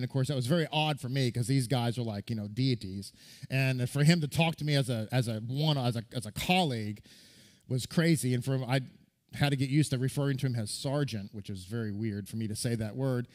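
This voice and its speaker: A male rabbi giving a sermon, telling stories in a lively, conversational way with frequent restarts. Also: mid-range voice, normal speed. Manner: animated storytelling with restarts and acted quotes.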